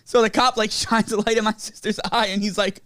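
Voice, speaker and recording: A man's voice: high voice, little pitch movement, brisk, fairly bright tone, dry recording, studio quality. A young man co-hosting a podcast, chiming in and telling a family story in casual, slangy chat. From Long Island, New York. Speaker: podcast co-host.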